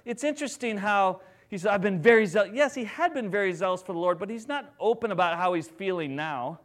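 A man preaching a sermon, moving between loud, animated retellings and hushed, gentle passages. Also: high voice, a little fast.

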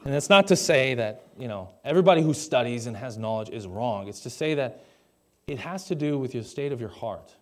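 With a medium-pitched, expressive voice and a slightly fast pace, a young pastor gives a chatty sermon on a stage mic before a live congregation. He mixes in joking asides and asks the audience questions.

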